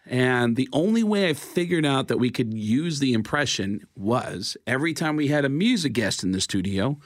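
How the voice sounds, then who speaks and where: A male comedian and impressionist telling comic stories in a casual chat, animated and laughing along. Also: mid-range voice, moderate pace. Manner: animated, slips into voices, laughs while telling.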